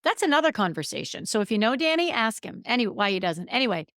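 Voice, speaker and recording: Fast and sing-song, her slightly high, fairly bright voice carries a casual solo podcast monologue. The middle-aged host is candid, emphatic and self-deprecating, recorded dry with clean studio sound.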